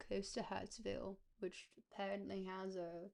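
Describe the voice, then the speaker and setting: A woman giving casual, playful gameplay commentary as a streamer, thinking out loud as she goes. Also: a little high, normal speed. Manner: playful, thinks aloud, chatty.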